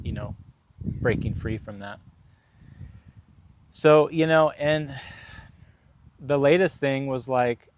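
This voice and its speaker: A man's voice: fairly low pitch, a little mellow. A man vlogging in a casual, rambling storytelling monologue, frank and profane, full of fillers.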